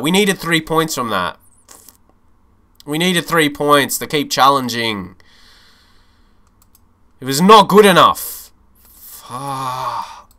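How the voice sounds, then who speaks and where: On the higher side in pitch, a young man gives live commentary on a football management game he's streaming. His reactions lurch between animated moods and frustration, with plenty of cursing.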